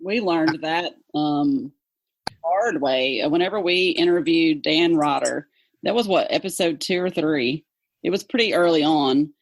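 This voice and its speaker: A woman with a Southern accent, an English teacher chatting in an interview, talkative and quick to laugh. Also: deep voice, slight background noise. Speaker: English teacher, podcast co-host guest. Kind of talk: casual interview chat.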